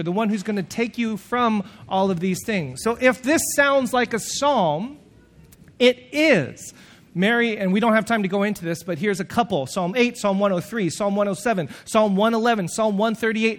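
A man delivers a sermon in a lively, animated way. His voice sits high for a man, and he slips into the voices of the people he quotes. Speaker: preacher.

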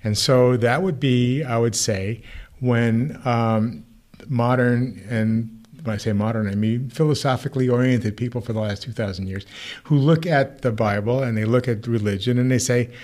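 Man, rabbi co-host, casual theological chat, middle pitch, lively delivery. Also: normal speed. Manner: animated, acts out quoted voices with rising pitch.

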